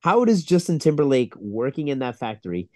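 A man with a clogged, stuffy nose rants about a film in a casual podcast chat. He is emphatic and profane, his voice at an ordinary middle pitch, recorded dry and close with no room sound. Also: very animated, a little fast, a little mellow, dry recording. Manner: ranting, emphatic, swears often. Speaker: podcast co-host. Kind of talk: casual movie-review chat.

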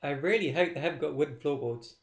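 Low-voiced woman with dry quips. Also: quick pace, echoey room. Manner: dry, brief quips and backchannel. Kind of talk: casual chat.

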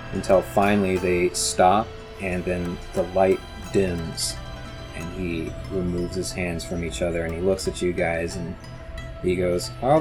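A man running a tabletop game as game master, narrating in a relaxed way with many fillers. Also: deep voice.

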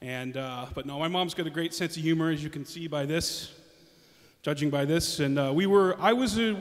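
A man's voice: on the high side, moderate pace, in a large hall. A man telling stand-up stories about his family in a rambling, hesitant way. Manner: rambling, hesitant, with many restarts. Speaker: comedian. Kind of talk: stand-up comedy storytelling.

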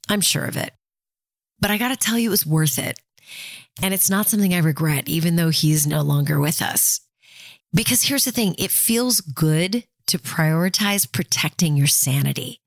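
A woman's voice: lowish voice, dry recording, studio quality. A woman in her fifties giving candid, conversational personal advice and talking straight to her listeners.

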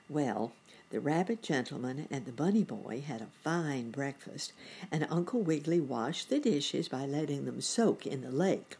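Give me a woman storyteller with a low, breathy voice reading slowly to children. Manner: slow, lilting and animated. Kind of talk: storybook read-aloud.

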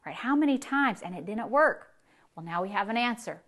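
A woman pastor preaching to her congregation in a mid-range voice. She tells stories softly and slowly, then lifts her voice to drive the point home. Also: mid-range voice, expressive. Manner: storytelling preacher, swings from hushed to emphatic. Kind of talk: sermon.

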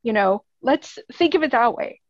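A woman's voice: on the high side, expressive, normal speed, dry recording. Earnest Canadian woman, muffled line. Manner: earnest, rambling, laughs often. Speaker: podcast guest. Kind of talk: casual interview chat.

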